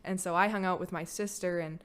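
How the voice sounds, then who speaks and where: A woman's voice: fairly low pitch, steady tone, fairly quick, a bit bright, clean tone. A young woman telling her own story on a podcast, candid and casual, full of "like" fillers and blunt swearing. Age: young adult. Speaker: podcast guest, host's daughter.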